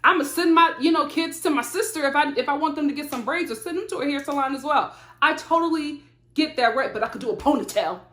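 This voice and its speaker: High-voiced woman in animated, incredulous commentary. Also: fast. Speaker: reality TV reviewer. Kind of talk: casual commentary to camera. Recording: roomy echo.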